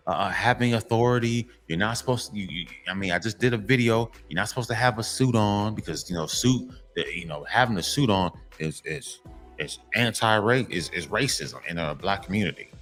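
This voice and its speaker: A man's voice: on the low side, fairly quick, a bit bright, soft background music. Emphatic man lecturing other men. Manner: profane, blunt. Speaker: commentary channel host. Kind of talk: monologue addressed to men.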